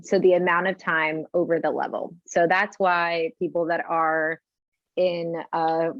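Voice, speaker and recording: A woman speaking as an audiologist guest in an interview, explaining in a measured way with examples. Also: lowish voice, no room sound, muffled recording.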